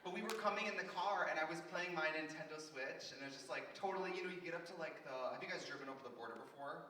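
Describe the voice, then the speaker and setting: A man's voice: fairly high pitch, racing. A man performing in drag, chatting and telling campy stories to a live audience, slipping into quoted voices. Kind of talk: live stand-up banter. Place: festival theater stage before an audience. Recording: echoey, distant, noisy live room recording. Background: audience laughter.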